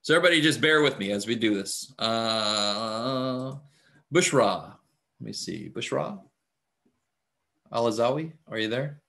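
Casual male math instructor on a video call, mid-pitched, easygoing and filler-heavy. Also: measured pace, creaky, long pauses. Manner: relaxed, chatty, many fillers. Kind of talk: casual online class talk. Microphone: computer mic on video call.

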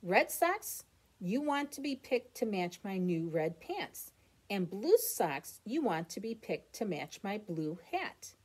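A woman's voice: mid-range voice, very animated, slow pace, husky, exaggerated voice. A woman voicing a playful, bossy little boy who orders his clothes around.

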